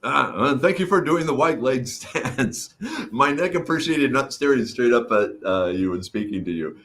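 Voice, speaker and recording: Fairly bright and mid-range, the voice of a middle-aged man moves at normal speed with lively intonation. He's hosting a laid-back livestream, greeting viewers by name and reading their comments as his throat gets better.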